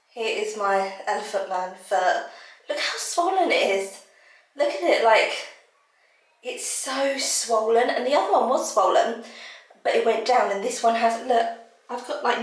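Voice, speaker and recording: Chatty young woman vlogging. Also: mid-range voice. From England. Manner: chatty and candid, often soft and hushed. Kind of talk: casual personal vlog. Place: at home, then outdoors in a garden.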